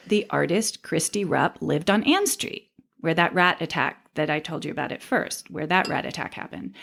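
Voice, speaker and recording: Woman podcast co-host, slightly low voice, relaxed storyteller who reads an account aloud. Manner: reads a transcribed story aloud, laughing easily. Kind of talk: casual storytelling chat.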